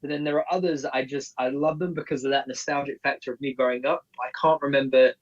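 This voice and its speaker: A man's voice: mid-range voice, fairly even intonation, fast talker, recorded from a distance, lo-fi sound. A man co-hosting a casual live stream, rambling and restarting as he explains things he loved growing up. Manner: rambling, many restarts, nostalgic fan explaining. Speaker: co-host.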